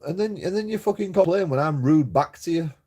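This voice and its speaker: A man's voice: fairly high pitch, expressive, a little fast, warm tone, husky. A man ranting and complaining in a rambling story-time vlog, swearing often and trailing off into mumbles. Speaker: YouTube auditor vlogger.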